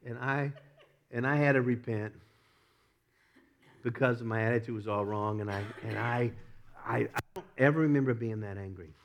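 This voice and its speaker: A middle-aged man preaching a sermon, telling a personal story with lots of laughs, often repeating himself and rising from quiet asides to loud emphatic peaks. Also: mid-range voice, normal speed, long pauses. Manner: repeats and restarts words. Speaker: pastor.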